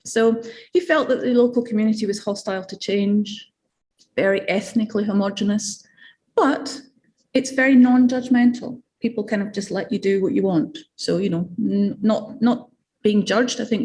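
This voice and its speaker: A woman's voice: medium pitch, moderate pace, a little mellow. A woman with a Scottish accent giving an academic seminar talk in a conversational way, with fillers and asides. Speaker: academic lecturer.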